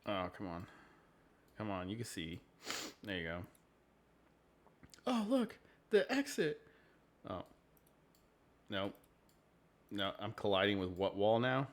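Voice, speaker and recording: Low-voiced easygoing man playing a tabletop game. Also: steady tone, a little slow, long pauses. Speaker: player. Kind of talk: casual tabletop game play. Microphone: video call.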